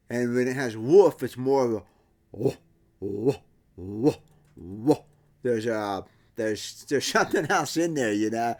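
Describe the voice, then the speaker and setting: A middle-aged man explaining guitar tap tones in a casual workshop talk, imitating the sounds with his voice and often restarting his sentences. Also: mid-range voice. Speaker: guitar builder.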